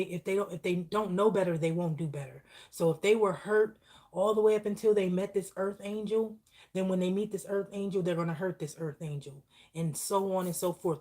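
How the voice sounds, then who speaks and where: A woman with a somewhat low voice delivers a live channeled spiritual message, earnest and repetitive, often checking in with the listener. She sounds close to tears throughout. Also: mellow. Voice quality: emotional, heartfelt delivery. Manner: earnest, repetitive, preaching with frequent "okay?".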